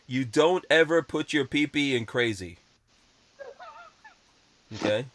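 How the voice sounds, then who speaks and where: A man's voice: mid-range voice, slow, a bit bright. A man hosting a podcast, chatting casually and rambling through his opinions. He speaks bluntly, in an ordinary middle-range voice. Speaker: podcast host. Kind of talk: casual chat.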